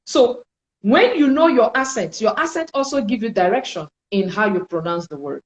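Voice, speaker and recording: A woman with a fairly high voice leads a French lesson, slow and deliberate, repeating each sound so learners can follow. Her voice rings in an echoey room. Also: lively intonation, dull audio. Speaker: French teacher. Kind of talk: spoken language lesson.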